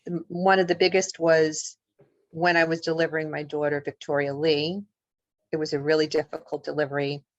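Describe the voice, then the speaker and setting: Low-voiced woman telling a vivid story. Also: little pitch movement, moderate pace, dry recording, muffled recording. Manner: vivid, emotional storytelling, acts out what people said. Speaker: author and paranormal investigator, guest. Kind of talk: personal storytelling in an interview.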